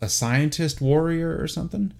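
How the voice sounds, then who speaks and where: A man with a Southern US accent narrating as game master in a relaxed, easygoing way, with frequent pauses. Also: on the high side, creaky.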